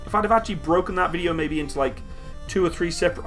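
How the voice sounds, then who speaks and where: A man's voice: on the high side, racing, over music. A man hosting a casual live stream from a room at home, reading viewer comments aloud and answering them upbeat.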